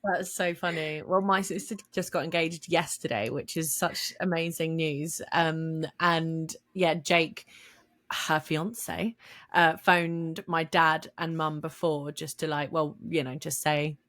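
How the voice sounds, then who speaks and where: A woman's voice: low voice, steady tone, takes it slowly, a bit bright. A woman co-hosting a podcast, telling stories in a casual, chatty way and laughing often. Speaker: podcast co-host. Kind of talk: casual chat.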